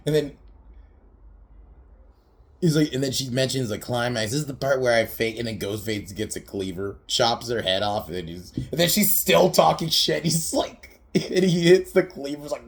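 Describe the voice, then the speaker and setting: A man's voice: lowish voice, lively intonation, moderate pace. A young man hosting a podcast, casually recapping a film in a rambling, profane way, laughing often and slipping into quoted voices. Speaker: podcast host reviewing a film.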